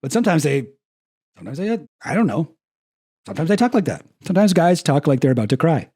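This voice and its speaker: Young guy streaming, sarcastic rambling commentary, slightly higher voice. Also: very animated, fast talker, dark tone, slightly rough. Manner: sarcastic, rambling, laughs at own jokes. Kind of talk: casual commentary.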